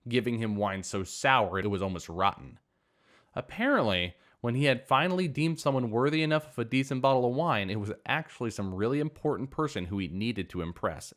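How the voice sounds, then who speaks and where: A man narrates online stories in a fairly low voice that swings widely up and down. His reading is animated and expressive, as he leans into the punchlines. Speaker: story narrator.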